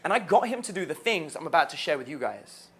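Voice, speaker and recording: A man, a dating coach, telling stories about a student in an animated way, laughing as he goes. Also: on the high side, fast talker, slightly rough. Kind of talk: storytelling to camera.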